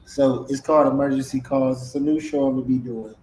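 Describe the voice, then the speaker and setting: A man's voice: mid-range voice, steady tone, quick pace, darkish tone, a little hiss or hum, low-quality recording. A man hosting a casual live-stream podcast in a laid-back way, often repeating his words. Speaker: podcast host.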